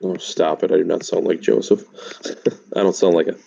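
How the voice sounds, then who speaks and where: A man talking over voice chat during a game stream, chatty and quick to laugh. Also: deep voice, steady tone, vocal fry, dark tone, muffled recording. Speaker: guest on voice chat. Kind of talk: casual chat. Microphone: voice chat mic.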